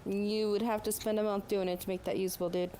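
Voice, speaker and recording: A woman's voice: mid-range voice, slight background noise. A woman playing a tabletop game, chatting casually and laughing often. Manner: laughs often, slow and lively. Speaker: player. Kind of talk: casual tabletop play chat.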